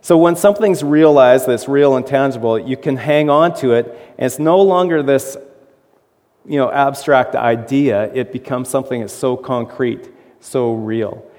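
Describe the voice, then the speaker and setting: A male pastor delivers a sermon in an easy, conversational manner. He puts questions to his listeners and chuckles at his own asides. His mid-pitched voice carries a long reverb from a large hall. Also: normal speed, a little mellow.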